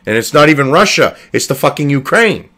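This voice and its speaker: A man's voice: fairly high pitch, big pitch swings, a little fast, sharp tone, husky. A man hosting a political commentary video, reading an article aloud and cutting in with profane, sarcastic, exasperated remarks.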